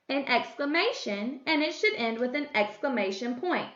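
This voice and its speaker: A woman gives a slow, clear grammar lesson to young children, her high voice rising and falling as she reads each example sentence. The recording sounds dull and lo-fi, with an echo from the room around her. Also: lively intonation, fairly bright tone. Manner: deliberate, sing-song reading of example sentences. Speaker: first grade teacher. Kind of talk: slow, clear classroom instruction.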